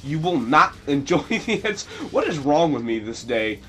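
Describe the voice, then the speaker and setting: A man's voice: a little high, big pitch swings, normal speed, bright, forceful tone, faint music behind. A young man commenting on a video game he is playing, rambling and sarcastic, with sudden mock-dramatic outbursts. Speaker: let's play commentator. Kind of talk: gameplay commentary.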